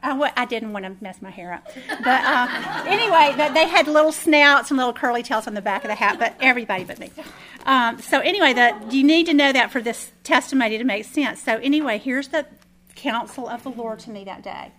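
A woman leading a Bible study, telling a lively personal testimony and then praying. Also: fairly high pitch, a little fast. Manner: animated, chatty storytelling with asides.

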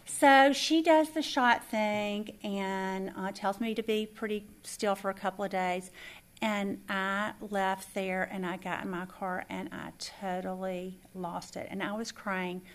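A middle-aged woman teaching a faith lesson, telling a personal story with lively acted-out dialogue. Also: medium pitch, a little slow. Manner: animated storyteller who acts out quoted dialogue. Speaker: Bible study teacher.

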